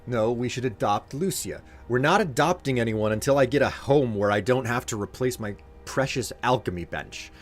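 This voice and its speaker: A man's voice: mid-range voice, lively intonation, moderate pace, hardly any pauses, soft background music. A man chatting casually while streaming a game, rambling and joking, often restarting his sentences. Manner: rambling, self-interrupting, jokey.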